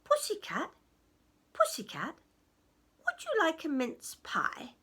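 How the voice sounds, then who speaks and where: A woman storyteller voicing a greedy big male goblin in a high, breathy half-whisper, coaxing and singsong. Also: huge pitch swings, slow, bright, forceful tone, full character voice. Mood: wheedling.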